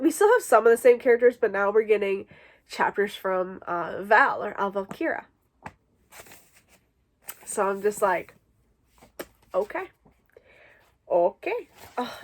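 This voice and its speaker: A woman hosting a casual book vlog, talking in an emotional, gushing way with plenty of "like" fillers. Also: medium pitch. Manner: gushing, emotional, filler-heavy with frequent likes. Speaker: book vlogger. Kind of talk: casual chat.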